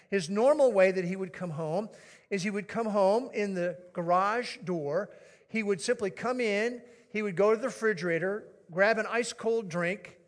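A man with a high voice preaches a sermon in a casual, storytelling way. He coaxes replies from his listeners as he goes. A long reverb from the large church hall trails his words. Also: a bit bright. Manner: conversational, storytelling, coaxing the congregation. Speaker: pastor. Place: church sanctuary.

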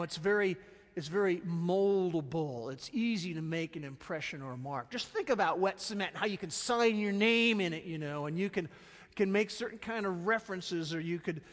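A middle-aged man preaching a sermon, animated and storytelling, dropping to soft, slow stresses. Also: high voice. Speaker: pastor. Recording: long reverb of a large hall.

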